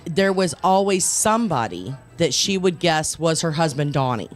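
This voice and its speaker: A woman co-hosting a radio show, chatting animatedly and jumping in with quick agreement. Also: low-pitched, sing-song, soft background music. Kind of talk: casual radio chat. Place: radio studio.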